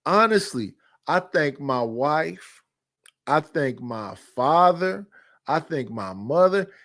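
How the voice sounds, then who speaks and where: Man, fifties, podcast host, blunt, candid, repetitive, somewhat high voice. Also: animated, slow pace, fairly bright tone. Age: 50s. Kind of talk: casual storytelling chat.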